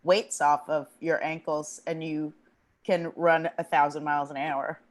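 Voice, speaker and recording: A woman's voice: sits low, level tone, a little slow. A woman panelist in a casual discussion, speaking her thoughts aloud as a string of rhetorical questions. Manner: voices rhetorical inner questions.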